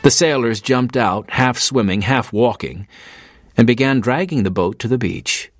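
Husky male audiobook narrator. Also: mid-range voice, no room sound, studio quality, faint music behind. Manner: measured storytelling.

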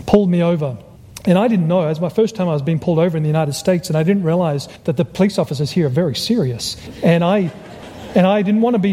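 A man's voice: high voice, big-room sound. A man from Australia with an Australian accent, preaching a sermon and telling a personal story, acting out the voices of the people in it. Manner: animated storyteller, acts out quoted voices.

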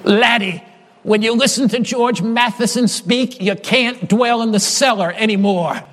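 A man's voice: extremely high pitch, measured pace, fairly bright tone, big-room sound, heavily acted. A man preacher voicing a poor, plainspoken old Scottish woman who addresses a young man as laddie. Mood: gently firm.

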